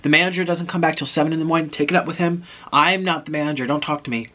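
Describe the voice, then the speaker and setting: A man's voice: fairly high pitch, steady tone, racing, pushed and bright, voice pushed up. A man doing a rude, dismissive hotel clerk. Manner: brusque, dismissive. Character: rude, impatient male hotel desk clerk.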